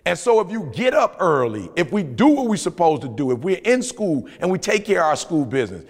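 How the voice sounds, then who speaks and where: Male podcast co-host, high gravelly voice, animated slangy motivational storyteller, long reverb. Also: fairly quick. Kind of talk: motivational casual talk.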